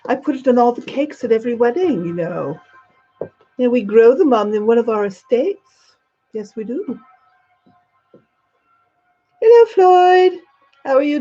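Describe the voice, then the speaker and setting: An older woman hosting a livestream puts on an upper-class English accent to play a gracious, gushing elderly queen, greeting viewers in character and calling them darling. Her voice is high-pitched and warm, the audio is lo-fi, and faint music plays in the background.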